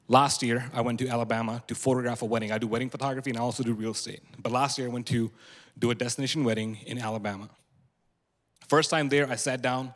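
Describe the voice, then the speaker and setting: A young adult man giving a candid, conversational personal testimony at a live church event. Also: medium pitch. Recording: long reverb from a live hall.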